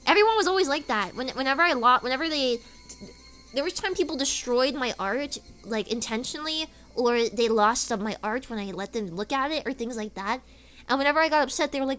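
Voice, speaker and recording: A woman's voice: high-pitched, lively intonation, quick pace, a bit bright. A woman streamer chatting casually, rambling through stories with lots of filler words. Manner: rambling, filler-heavy storytelling.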